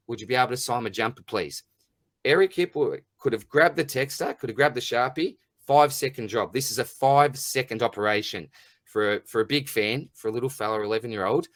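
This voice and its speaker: Aussie bloke hosting a podcast, middle-aged, goes off on jokey rants, dry close sound. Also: male voice, medium pitch, fairly bright tone, dry recording. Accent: Australian. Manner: blunt, rambling, jokey ranting. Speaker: podcast host. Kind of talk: casual chat.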